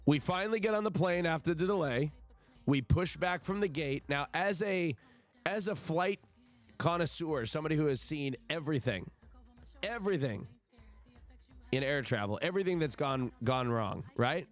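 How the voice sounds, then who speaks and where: A man's voice: a little high, moderate pace, soft background music. Exasperated, foul-mouthed male streamer. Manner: animated, profane, exasperated storytelling. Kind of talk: casual rant to live chat.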